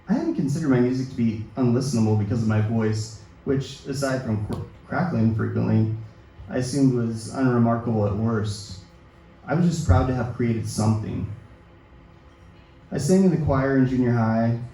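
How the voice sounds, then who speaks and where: A man in his thirties reading his own personal essay aloud at a literary event, in a measured, self-deprecating way. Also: medium pitch, mellow. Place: event hall at a book release reading. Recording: echoey hall, distant mic, faint noise.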